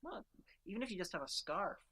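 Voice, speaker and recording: A woman with a lowish, pushed and bright voice, a breathy edge, and lively intonation talks briskly as a podcast co-host. In casual chat she rambles enthusiastically through analysis of favourite characters, often restarting.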